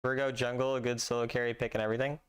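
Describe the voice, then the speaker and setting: A man's voice: medium pitch, level tone, racing, clear, resonant tone. A young man livestreaming a game, chatting with viewers in a dry, sarcastic, slangy way from his home setup. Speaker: livestreamer playing a mobile game. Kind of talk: casual stream chat.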